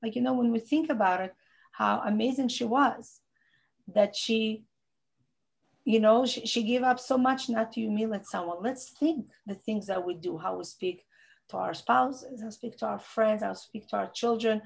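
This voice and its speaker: Earnest woman with gravelly, accented English. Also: fairly high pitch, moderate pace. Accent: non-native English. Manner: earnest, repeats phrases for emphasis. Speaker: rebbetzin teaching a women's class. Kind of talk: informal Torah talk.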